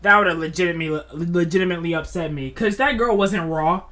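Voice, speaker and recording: A woman's voice: fairly low pitch, quick pace, a bit bright. A woman co-hosting with comedic commentary, riffing exclamatorily with slang and laughter. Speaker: co-host.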